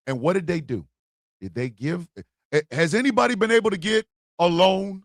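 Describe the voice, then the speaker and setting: A man's voice: sits high, lively intonation, normal speed, gravelly, long pauses, dry recording, clean studio sound. A man hosting a livestream, delivering a blunt political monologue with emphatic repetition and swearing. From United States. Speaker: host.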